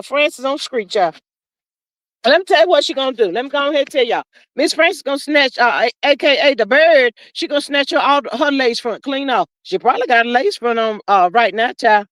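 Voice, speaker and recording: A woman's voice: expressive, fairly bright tone, dry recording. A woman hosting a casual gossip live stream, reading viewer comments aloud in a chatty, sassy way. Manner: chatty, sassy, drawn-out gossip with frequent "child" and "y'all"; laughs between comments, swings high for emphasis.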